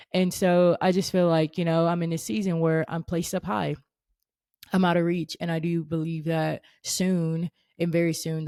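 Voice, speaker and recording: A woman's voice: deep voice, mellow, dry recording. Earnest young woman, dry close sound. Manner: earnest, conversational, with frequent "like" and restarts. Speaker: podcast host. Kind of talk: casual faith talk.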